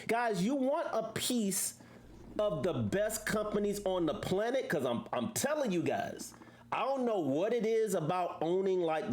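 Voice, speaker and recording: A woman's voice: mid-range voice, darkish tone. A woman hosting a casual livestream, talking to viewers in a preachy way full of rhetorical questions. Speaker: livestream host.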